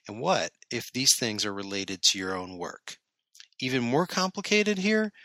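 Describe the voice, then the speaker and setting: Man in his thirties, solo podcast host, crisp bright tone, dry recording, easygoing scripted chat with a wink. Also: medium pitch, no room sound. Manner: friendly, conversational, lightly humorous.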